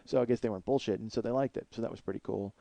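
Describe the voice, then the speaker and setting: Guy in his 40s hosting a podcast, talks fast, dry close sound, rambles and swears a lot. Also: mid-range voice, gravelly, dark tone, dry recording. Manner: rambling, self-deprecating, swears often. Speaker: podcast host. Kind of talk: casual comedic monologue.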